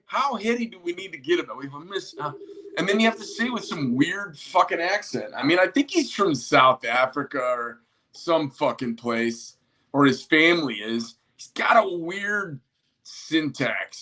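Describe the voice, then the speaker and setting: A man's voice: on the high side, sharp tone. A man who owns a small knife company, ranting casually with lots of profanity and rambling asides. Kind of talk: casual rant to camera.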